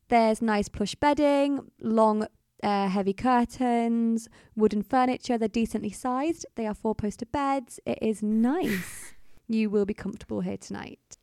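A woman's voice: on the high side, a little mellow, no room sound, studio quality. A woman running a tabletop role-playing game as game master, dryly exasperated with her players and descriptive when she narrates.

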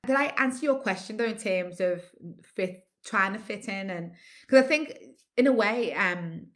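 A woman's voice: mid-range voice, lively intonation, normal speed. A Scouse woman in her forties, a TV presenter, chatting animatedly in an interview and laughing often. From Liverpool, England. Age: 40s. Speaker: TV presenter and guest. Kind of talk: casual interview chat.

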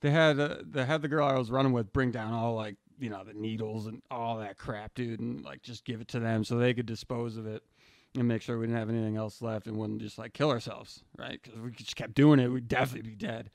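A man's voice: mid-range voice, steady tone, fairly quick, creaky, no room sound, studio quality. A young man telling a personal story casually, rambling and slangy, saying "dude" often and restarting his sentences.

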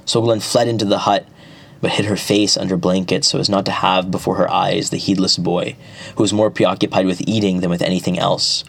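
A man narrating an epic folk tale at a measured pace, with small restarts. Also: sits low, little pitch movement, vocal fry. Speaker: storyteller.

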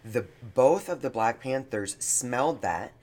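A man talks earnestly on a casual podcast, and his feeling comes through as he speaks. His voice sits at an ordinary middle pitch for a man. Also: expressive, measured pace, a little mellow. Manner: earnest, heartfelt. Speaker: podcast co-host. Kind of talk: casual chat.

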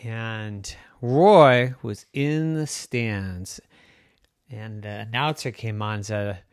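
A storyteller making up a children's story as they go, slow and wandering, with pauses and restarts. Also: medium pitch, no echo, studio quality.

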